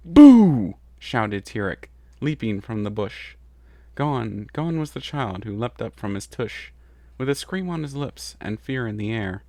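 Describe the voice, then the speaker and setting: A man reading a rhyming fan story aloud in an even narrative rhythm. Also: mid-range voice, dry recording. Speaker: story reader. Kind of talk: scripted narration.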